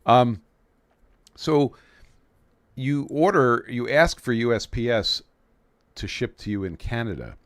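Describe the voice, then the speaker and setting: A man's voice: mid-range voice, takes it slowly, long pauses, no room sound. A man from New York City hosting a casual livestream, joking and rambling as he restarts his sentences. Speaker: livestream host.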